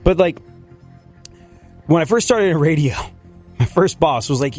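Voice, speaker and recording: A man hosting a radio show who grew up in England, chatting in an animated, rambling way and laughing often. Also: fairly high pitch, a little slow, pauses often, faint music behind. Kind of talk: casual radio banter. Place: radio studio.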